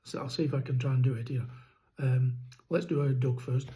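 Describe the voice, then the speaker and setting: A man's voice: mid-range voice, flat delivery, brisk, mellow, poor audio. A man with a rattle in his throat, explaining poultry keeping in a rambling, casual vlog. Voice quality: rambling, many ums and restarts. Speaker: poultry keeper vlogger.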